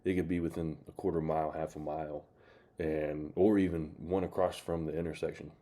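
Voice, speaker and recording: Man, channel host, casual commentary, monotone, mellow. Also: rumbling low, brisk. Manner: rambling, many fillers, drawn out. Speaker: channel host reacting to clips.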